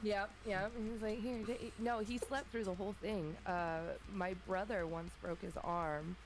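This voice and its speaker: A woman in her thirties telling a funny childhood story in a relaxed chat, acting out her family's voices. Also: medium pitch, moderate pace, music in the background, rough recording. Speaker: streamer guest. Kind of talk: casual storytelling.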